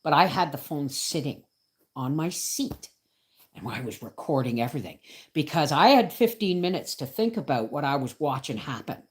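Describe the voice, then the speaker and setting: A woman's voice: low-pitched, expressive, normal speed, darkish tone. A middle-aged woman telling a story as host of a homesteading channel, indignant and emphatic, often adding "right?" and "folks". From Canada. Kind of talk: storytelling livestream chat.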